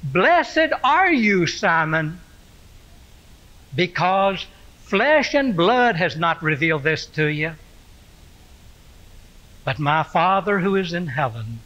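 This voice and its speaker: A pastor voicing Jesus, speaking quietly and slowly in a sermon monologue. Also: male voice, high voice, sing-song, lo-fi sound, heavily acted. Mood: blessing. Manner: quiet, slow and gentle. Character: Jesus, a gentle, quiet-spoken teacher.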